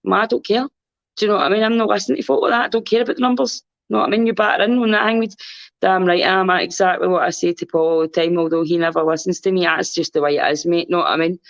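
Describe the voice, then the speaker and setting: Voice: mid-range voice, fairly even intonation, fast talker, vocal fry, highs cut off. A podcast guest with a Scottish accent, chatting casually in a rambling, earnest way and swearing freely. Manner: rambling, earnest, swears freely, repeats "you know what I mean". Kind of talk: casual chat.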